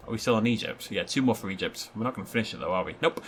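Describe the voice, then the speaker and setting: A man's voice: fairly low pitch, very fast, few pauses, fairly bright tone, slight background noise. A young man hosting a casual let's play, chatty and self-mocking, rambling into anecdotes as he plays. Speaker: gaming video host.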